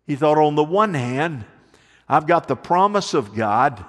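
A man preaching a sermon, telling folksy stories and slowing down to drive points home. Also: fairly high pitch, very animated, a bit bright, in a large hall. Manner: folksy storytelling preacher, slows for emphasis. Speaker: pastor.

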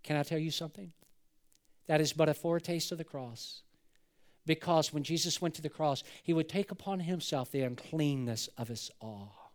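A man preaching a sermon, animated, swinging from loud emphatic bursts down to quiet, hushed lines. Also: fairly high pitch, moderate pace. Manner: acts out the people in the story in quoted voices. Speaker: pastor.

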